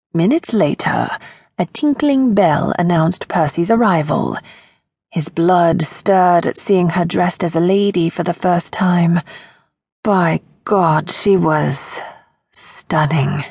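A woman narrating a historical romance audiobook in a slow, measured storytelling voice. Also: on the low side, a little mellow, breathy edge, dry recording, studio quality.

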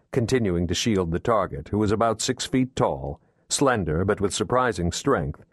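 A man reading a thriller audiobook in steady, measured scripted narration, recorded on a close studio mic. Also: low voice, no room sound. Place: recording booth.

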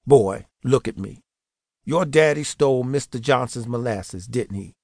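A man's voice: mid-range voice, measured pace, creaky, darkish tone, no echo, studio quality. A male audiobook narrator voicing a belligerent policeman who barks threats. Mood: menacing. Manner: barking, threatening.

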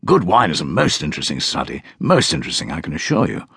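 A quiet old gentleman solicitor who pronounces on things with calm, dogmatic certainty, as a male audiobook reader puts him on. His voice sits very low, with a lively rise and fall. The sound is dry and close. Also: fast, creaky, husky, no echo, heavily acted. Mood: reminiscent. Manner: quiet, assured, relishing.

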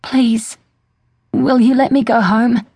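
A woman's voice: fairly high pitch, steady tone, takes it slowly, warm tone, husky, no room sound, studio quality, voice pushed up, heavily acted. Woman putting on a small pleading girl's voice. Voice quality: small, timid voice. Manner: pleading and fragile. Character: young woman impostor feigning a timid victim.

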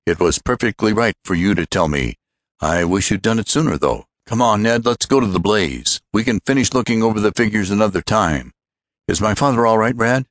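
A brisk young inventor, played by a man, quick and good-natured, a touch raised above the narrator's low voice. The reading is dry and close. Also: lively intonation, no echo, natural voice. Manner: brisk, mock-stern.

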